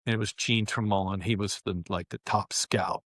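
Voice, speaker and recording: A man in his seventies, a former pro basketball player, telling stories as an interview guest in an animated way, often saying "you know" and "man". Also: fairly low pitch, normal speed, no echo, studio quality. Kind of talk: interview storytelling.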